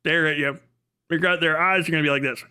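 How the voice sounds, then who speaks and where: A man's voice: on the high side, steady tone, quick pace, sharp tone, clean tone. A man streaming live, chatting casually, riffing crude jokes with lots of swearing and laughter. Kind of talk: casual livestream chat.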